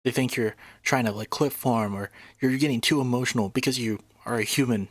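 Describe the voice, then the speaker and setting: A man's voice: medium pitch, a little fast, no room sound. A man commenting casually on a debate clip, indignant and swearing freely. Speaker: reaction video host.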